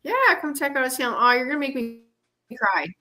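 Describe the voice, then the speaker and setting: Giggly woman running a livestream giveaway, chatty, bright tone, computer mic. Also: high voice, fast. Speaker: livestream moderator and co-host. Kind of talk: casual livestream chat.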